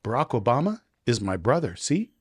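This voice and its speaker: A man putting on a high, eager passport officer. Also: big pitch swings, a little fast, husky. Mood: eager, insistent. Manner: insistent, eager questioning. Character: excitable male passport officer at a desk.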